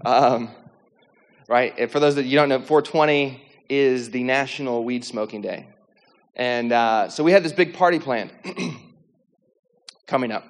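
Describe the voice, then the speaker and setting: A man's voice: mid-range voice, a little slow, long pauses. A young man sharing his personal faith testimony in a casual, rambling storytelling way, full of fillers, restarts and acted-out inner thoughts.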